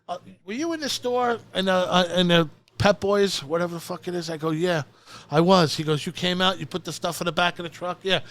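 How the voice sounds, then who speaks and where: A middle-aged New Jersey man spins a profane story, jumping into the voices of everyone in it. His voice sits high and sounds bright and gravelly, with a tense edge. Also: a little fast, no echo. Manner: animated, acts out the voices in his stories, frequent swearing. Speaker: podcast guest, storyteller.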